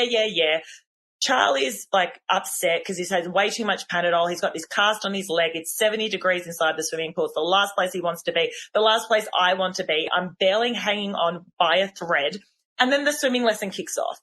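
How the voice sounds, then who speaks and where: A woman, a podcast host telling personal stories in a casual, animated and self-deprecating way. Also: mid-range voice.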